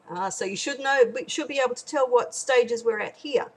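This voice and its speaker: Animated woman telling a teaching story. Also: on the high side, normal speed, hardly any pauses, husky, poor audio. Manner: animated, acts out characters while narrating. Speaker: parenting educator. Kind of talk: storytelling lesson.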